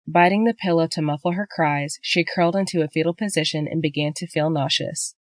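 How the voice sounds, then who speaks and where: A woman reading a novel as an audiobook narrator in a steady, measured way, on a close studio mic. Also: sits low, no echo. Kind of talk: scripted narration.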